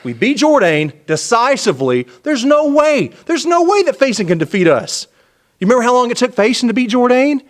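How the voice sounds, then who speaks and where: A man's voice: very high voice, very animated, brisk. A man acting as a wrestling manager, pushing and hyping his wrestler in a persuasive, insistent way. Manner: pushy, persuasive hype talk. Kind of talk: wrestling promo.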